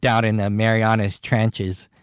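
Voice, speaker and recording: A man's voice: on the low side, level tone, measured pace, clean tone, dry recording, studio quality. A man casually telling a personal story on his podcast, rambling and laughing at himself as he acts out the dialogue. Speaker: podcast host.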